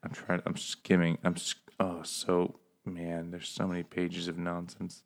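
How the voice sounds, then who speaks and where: Casting: deep-voiced man, podcast co-host, loose and profane, mimics characters while recapping. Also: completely flat delivery, measured pace, vocal fry. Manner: profane, jokey, acts out characters in quotes. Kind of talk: casual book-club chat.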